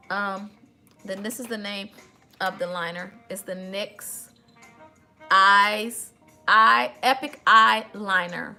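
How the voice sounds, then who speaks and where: A woman's voice: fairly high pitch, steady tone, slow, bright, forceful tone, faint music behind. A woman hosts a casual makeup tutorial, chatty and emotional, talking straight to her viewers. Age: 50s.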